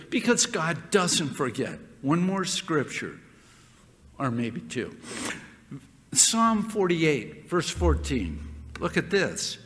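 A high, lively male voice preaching a sermon in a church hall, repeating phrases and leaning hard on key words. He speaks slowly, and the sound rings with a long hall reverb.

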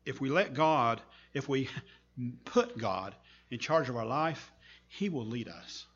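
A man preacher giving a sermon, telling a story with earnest, slow, emphatic pauses. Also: medium pitch, expressive, a bit bright, highs cut off.

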